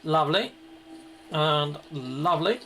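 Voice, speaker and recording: A man's voice: a little high, lively intonation, slow, bright, forceful tone. A man giving chatty, playful live commentary on his gameplay and greeting viewers, with goofy exclamations. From United Kingdom. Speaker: gaming live streamer.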